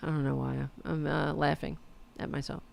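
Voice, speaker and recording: A woman's voice: deep voice, flat delivery, a little fast, vocal fry, slight background noise. A woman hosting a podcast, giving casual political commentary in a sarcastic, mocking way and swearing freely. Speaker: podcast host.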